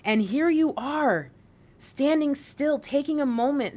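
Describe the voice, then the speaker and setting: A woman's voice: high-pitched, animated, slow, mellow. A woman giving a casual spiritual card reading, chatty and encouraging, often laughing as she talks. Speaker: intuitive reader.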